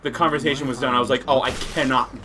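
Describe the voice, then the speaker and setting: A man's voice: medium pitch, steady tone, fast, a crowd in the background. A man co-hosting a podcast, telling a story in casual chat and laughing his way through it. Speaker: podcast co-host.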